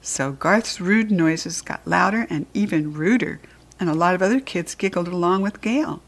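A woman's voice: lowish voice, moderate pace. Woman reading a children's story aloud. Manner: expressive, lively reading. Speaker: narrator reading a children's book.

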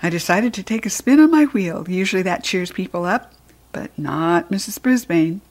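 A woman narrating a children's storybook in the first person with an expressive read-aloud delivery. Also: on the low side, moderate pace. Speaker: storybook reader.

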